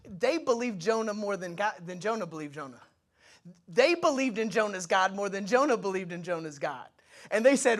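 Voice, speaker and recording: A male pastor preaching an energetic sermon in a conversational way, with quick asides to the congregation and moments where he acts out dialogue in other voices. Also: sits high.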